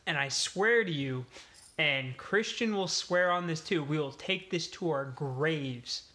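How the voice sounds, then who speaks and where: Bright-voiced, swearing male storyteller. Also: fairly high pitch, unhurried. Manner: animated, swears freely, storytelling. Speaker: podcast co-host. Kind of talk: casual storytelling chat. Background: pets in the room.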